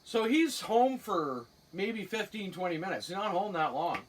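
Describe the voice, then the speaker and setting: A woman's voice: mid-range voice, animated, normal speed, breathy edge. A middle-aged Cape Breton woman spins a personal yarn in blunt, salty everyday talk, chuckling as she goes. Her voice sits a little back from the microphone, so it sounds slightly distant. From Cape Breton, Canada. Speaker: storyteller guest. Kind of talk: casual spoken anecdote.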